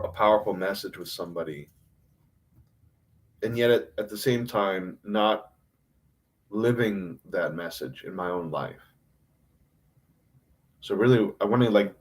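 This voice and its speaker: In a fairly low-pitched voice, a man streams a rambling, emotional confession full of self-criticism, frequent cursing, and halting false starts.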